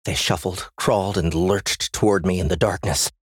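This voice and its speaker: Low husky man reading a tense story. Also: fairly even intonation, moderate pace, no room sound, clean studio sound. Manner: tense, dramatic reading that grows frantic. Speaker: audiobook narrator. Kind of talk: first-person audiobook narration.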